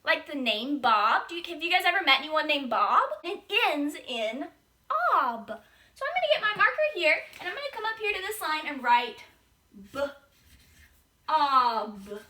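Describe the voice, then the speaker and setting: A young woman leads a phonics lesson for little children, her high voice bouncing all over the place. She draws out the sounds in a bright, ringing, sing-song teacher voice. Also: very animated, moderate pace. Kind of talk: early-grade phonics lesson.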